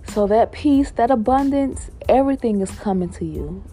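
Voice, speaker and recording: A woman's voice: fairly high pitch, expressive, moderate pace, mellow, soft background music. A young woman hosting a personal spiritual podcast, talking in a heartfelt, repetitive way. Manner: heartfelt, repetitive phrasing, sighs and laughs. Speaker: podcast host.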